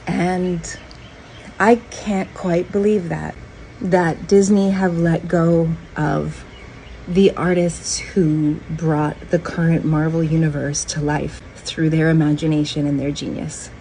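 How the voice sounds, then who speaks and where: A woman making a social media video statement, measured and disbelieving. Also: low voice, level tone, warm tone, slight background noise, poor audio.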